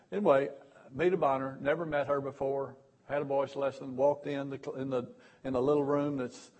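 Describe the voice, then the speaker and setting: A man preaching in a husky, slightly rough voice at an everyday pitch. He tells folksy, self-mocking stories from the pulpit, stumbling over and repeating words, and now and then swells into loud bursts. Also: fairly even intonation, moderate pace, low-quality recording. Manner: bursts into sudden loud stretches. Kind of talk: storytelling sermon.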